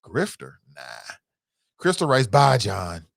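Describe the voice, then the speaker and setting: Lively, emphatic talk-show host man. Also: mid-range voice, creaky, no echo, studio quality. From United States. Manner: animated, emphatic, drawn-out repetitions. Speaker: talk show host reading viewer comments. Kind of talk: casual live-stream talk.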